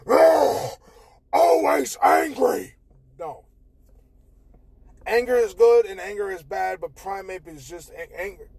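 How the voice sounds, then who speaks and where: A young man hosting a casual solo podcast, talking candidly and with plenty of swearing, swinging between loud bursts and quiet mutters. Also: on the high side. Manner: candid, profane, shifts between loud outbursts and quiet mumbling. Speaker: podcast host.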